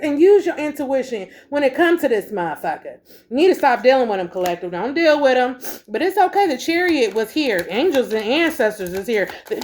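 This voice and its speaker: A woman's voice: sits high, darkish tone. A woman giving a spiritual tarot reading to viewers, emphatic and profane, repeating herself and calling listeners baby and collective. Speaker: tarot reader.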